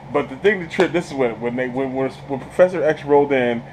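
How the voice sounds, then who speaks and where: A man giving a casual movie review, an excitable storyteller who stumbles over repeated words, laughs often and talks in slang. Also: medium pitch, normal speed, slight background noise, low-quality recording. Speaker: channel host reviewing a film.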